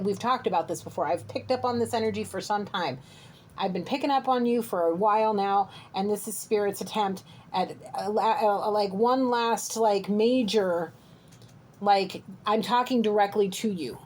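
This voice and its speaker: A woman's voice: mid-range voice, darkish tone, a little hiss or hum, low-quality recording. A woman reading a channeled spiritual message straight to her viewer, earnest and direct, often checking in with "okay?". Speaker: psychic reader. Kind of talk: channeled tarot-style reading to camera.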